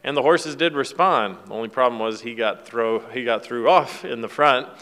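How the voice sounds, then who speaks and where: A man's voice: mid-range voice, normal speed, pushed and bright. Man telling a story in a reverberant hall. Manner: folksy storytelling with fillers and restarts. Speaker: speaker giving a devotional talk. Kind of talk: casual devotional talk.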